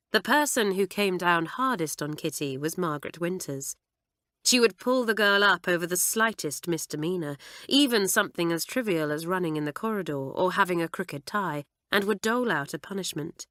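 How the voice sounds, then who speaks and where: A woman reads a children's audiobook with an expressive, animated delivery. Her voice is bright and fairly low, with lively pitch. The sound is dry and close to the mic. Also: normal speed, dry recording. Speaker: audiobook narrator. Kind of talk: audiobook reading.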